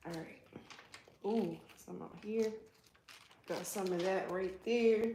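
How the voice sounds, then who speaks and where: Slow and pausing often, this woman speaks in a dark, mid-range voice, with a roomy sound and a bit of hiss or hum. She's an East Coast hairstylist casually livestreaming a color removal from her salon suite, teasing the chat and swearing freely.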